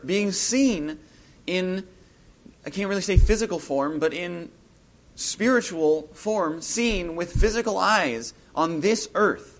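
Retelling a scripture story in a casual Bible talk, a man thinks out loud in a slightly high voice. When he acts out the scenes, his delivery livens up.

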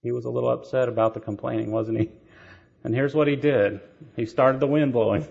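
A man's voice: mid-range voice, steady tone, brisk, creaky, darkish tone, slightly rough. A man preaching a sermon, telling stories with rhetorical questions and light laughter. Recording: dull lo-fi sermon recording.

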